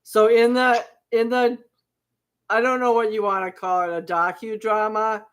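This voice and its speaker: A woman's voice: on the high side, flat delivery, normal speed. A woman co-hosting a casual political chat, firm and defiant in her views. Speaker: podcast co-host.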